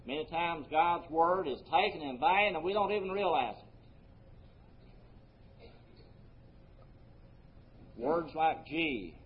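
A man preaching a sermon earnestly, his voice rising for emphasis and then dropping soft. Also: fairly high pitch, expressive, takes it slowly, pauses often. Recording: muffled lo-fi recording.

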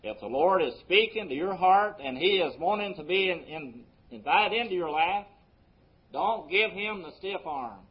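A man pastor preaching a sermon, his voice swelling on key words and dropping low between them. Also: expressive, normal speed, dull audio. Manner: preaching with sweeping rises and drops in loudness.

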